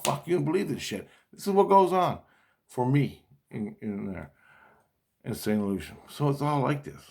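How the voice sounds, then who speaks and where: A middle-aged man talks straight to his audience in a loose, rambling monologue. He curses freely, stumbles and restarts his sentences, and slips into quoted back-and-forth dialogue. His voice sits at an ordinary middle pitch. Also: creaky, a little mellow. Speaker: vlogger.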